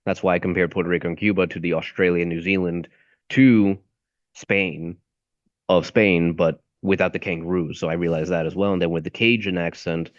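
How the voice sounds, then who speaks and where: A young man with a very low voice talks casually about his training, rambling and hunting for words as he goes. The sound is dull and lo-fi, with a dry, close feel. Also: fairly even intonation, moderate pace, dry recording. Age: young adult. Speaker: voice acting student. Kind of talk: casual chat. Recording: dull lo-fi audio.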